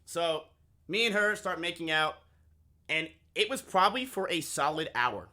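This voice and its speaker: A man talks straight to his live chat, spinning a crude, candid story and repeating lines for effect. His voice sits a little high and sounds bright and forceful. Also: lively intonation, moderate pace. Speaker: streamer.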